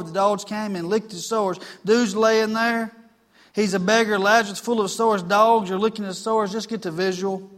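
This is a man preaching to his congregation. His voice sits high, and his delivery is folksy and plainspoken, with scripture read aloud and calls for an amen along the way. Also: fairly bright tone. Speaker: pastor. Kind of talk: sermon.

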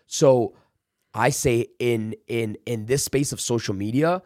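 A man's voice: mid-range voice, a little slow, a little mellow, no echo. Man, sales trainer, podcast guest, emphatic coaching delivery, dry close sound. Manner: emphatic, coaching, acts out pep talks. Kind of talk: casual interview talk. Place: office.

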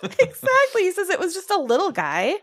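A woman co-hosting a podcast, telling an animated story in casual chat and laughing along. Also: very high-pitched, fairly quick. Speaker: podcast co-host.

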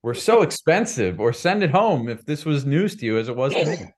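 A man's voice: a little high, brisk. A man co-hosting a podcast, talking casually with easy hedges and laughs. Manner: relaxed, hedging, laughs between points. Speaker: podcast co-host. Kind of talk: casual chat.

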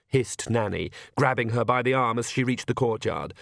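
A man reading a comic fantasy novel aloud in a measured, wry storytelling voice. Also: medium pitch, creaky, a bit bright, no room sound, studio quality. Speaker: audiobook narrator. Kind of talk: scripted narration.

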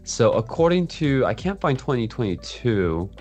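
Mid-pitched man co-hosting a podcast. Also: very animated, moderate pace, a little mellow, faint music behind. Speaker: podcast co-host. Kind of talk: casual podcast chat.

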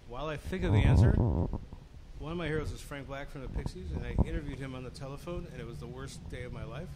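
A man's voice: medium pitch, lively intonation, fast, a crowd in the background, low-quality recording. A man in his thirties, a podcast co-host chatting casually, telling rambling stories and swearing freely. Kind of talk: casual chat.

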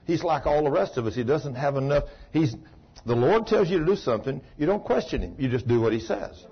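A man preaches a sermon in a folksy, plain-spoken way, retelling a story and voicing its dialogue. His voice is husky and slightly raspy. The recording is muffled and lo-fi, like an old sermon tape. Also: a little high, expressive, a little fast. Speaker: pastor.

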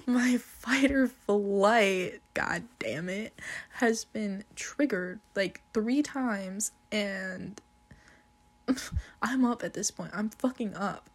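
A young woman telling a casual, profanity-laced story, laughing often as she talks. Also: medium pitch. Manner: slow, drawn-out delivery with frequent swearing and laughter.

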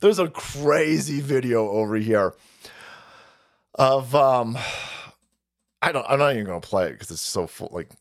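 A man's voice: mid-range voice, expressive, measured pace, long pauses. A man hosting a livestream, ranting in a foul-mouthed, sarcastic, mocking way and breaking into laughter between phrases. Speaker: livestream host. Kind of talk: profane political rant stream.

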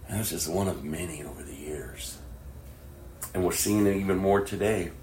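Middle-aged male pastor, low-pitched, passionate sermon delivery with whispered lows, roomy echo. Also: moderate pace, slight background noise. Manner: swings from hushed whispers to loud, impassioned preaching. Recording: echoey room with faint ambience.

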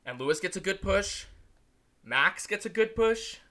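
A man's voice: sits high, lively intonation, a little slow, bright, forceful tone. A young American man co-hosting a podcast, telling a rambling, profane story in casual sports chat. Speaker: podcast co-host.

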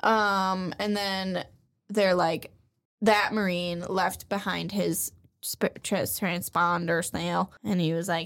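A woman's voice: on the low side, flat delivery, slow pace, a bit bright. A young woman co-hosting a podcast, retelling an anime episode in a rambling, profane way and acting out the characters' lines. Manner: rambling, swears a lot, acts out characters' lines. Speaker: podcast co-host.

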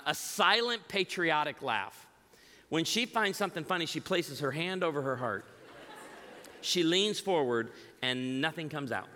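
A middle-aged man from the Chicago area preaches to a church crowd, telling funny stories and acting out the people in them. His voice is bright and fairly high, and it carries through a big hall with a long reverb. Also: a little hiss or hum. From Chicago area, United States. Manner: animated storytelling, acting out quoted voices. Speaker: guest speaker. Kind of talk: humorous church message. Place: large church auditorium.

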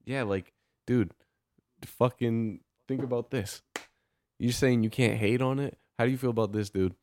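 A man's voice: medium pitch, normal speed, darkish tone, slight background noise. A young man co-hosting a casual podcast, laid-back and swearing, calling his friend dude. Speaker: podcast co-host.

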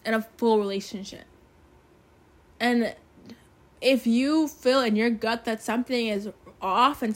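Candid young woman podcast host. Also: fairly high pitch. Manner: candid, emphatic, swears freely. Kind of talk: casual solo podcast talk.

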